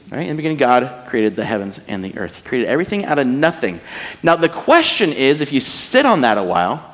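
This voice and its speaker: Joking man preaching in a reverberant hall. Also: on the high side. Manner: conversational, joking, asks rhetorical questions. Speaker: pastor. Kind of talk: casual sermon.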